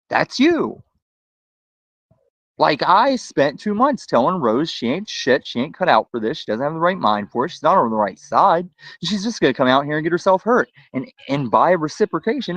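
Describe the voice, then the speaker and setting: A man's voice: medium pitch, fairly bright tone, dry recording. Mocking, profane man on dull lo-fi audio. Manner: mocking, profane, calling out other people. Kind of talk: heated livestream rant. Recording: dull lo-fi sound.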